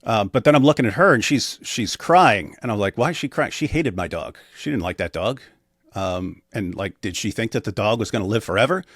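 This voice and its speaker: Speaking fairly quickly with lively intonation, a man with a lowish, fairly bright voice tells a personal story as an interview guest. He stays matter-of-fact but restarts often, and the studio-quality audio has no echo.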